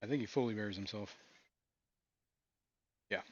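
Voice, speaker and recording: A man hosting a casual live stream from his fish room, talking in a relaxed, rambling way with frequent chuckles. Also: fairly low pitch, moderate pace, husky, lo-fi sound. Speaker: aquarium stream host.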